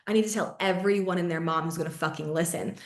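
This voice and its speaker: A young adult woman hosting a podcast, telling a personal story in casual chat, heavy on fillers, swearing and quick laughs. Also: lowish voice, reverberant. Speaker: podcast host.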